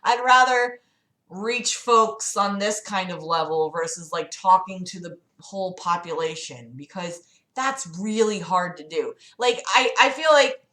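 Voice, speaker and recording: A woman's voice: medium pitch, measured pace, pushed and bright, echoey room. A woman hosting a casual livestream chat, rambling and profane with lots of fillers. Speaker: livestream host.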